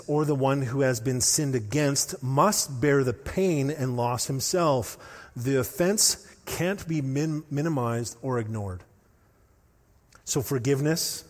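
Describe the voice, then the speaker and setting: A man preaching a sermon as pastor, telling stories with animated, rising intensity. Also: mid-range voice. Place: church hall. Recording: long hall reverb.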